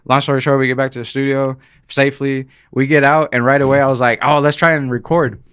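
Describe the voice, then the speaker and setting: A man in casual podcast chat, telling a story at a quick clip. He talks fast and acts out the voices of the people in his story. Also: medium pitch, flat delivery, a bit bright, clean tone. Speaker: podcast guest, rapper.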